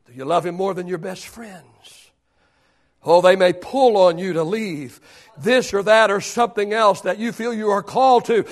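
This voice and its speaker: High-pitched preaching pastor, man. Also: normal speed. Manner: preaching with rising shouts and sudden hushed drops; repeats rhetorical questions. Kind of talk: sermon.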